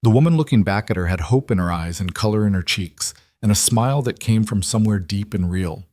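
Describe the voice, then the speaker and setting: A man narrating a scripted western romance story in a measured, gentle way. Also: on the low side, no room sound.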